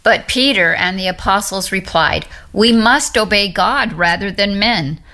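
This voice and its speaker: A woman reads scripture aloud during a Bible study. Her voice is bright and forceful, and her reading is steady and plain. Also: medium pitch, measured pace.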